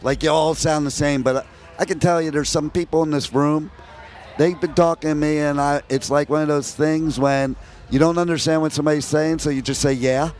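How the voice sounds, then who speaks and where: A man's voice: on the high side, steady tone, brisk, a little mellow. An American man from New York and New Jersey, interviewing a band outdoors at a music festival in a chatty, joking way. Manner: chatty, jokey, laughs between stories.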